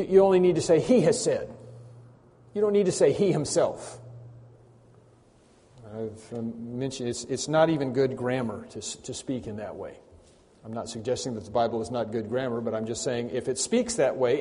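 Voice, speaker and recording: A man's voice: mid-range voice, warm tone. A man preaching a sermon, emphatic and building to a raised voice at key points. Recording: long hall reverb.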